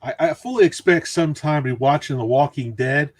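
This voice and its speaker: A man joining a casual chat with friends, joking and reacting quickly. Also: fairly high pitch, no echo.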